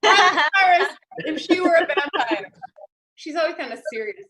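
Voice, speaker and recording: A woman's voice: very high voice, lively intonation, moderate pace, crowd noise. A young woman doing playful stand-up over a video call, laughing at her own jokes. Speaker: comedian.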